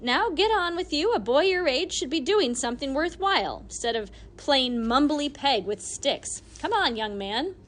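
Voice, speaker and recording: A woman reading an audiobook voices a brisk, bossy little old lady who scolds and teases. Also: high-pitched, animated, fairly bright tone, pitched above the performer's own voice.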